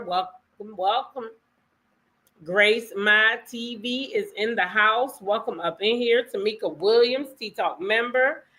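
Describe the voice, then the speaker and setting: Chatty, slightly hoarse woman livestream host. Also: fairly high pitch, sharp tone. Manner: chatty, greets viewers by name. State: voice a bit hoarse. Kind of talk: casual live chat with viewers.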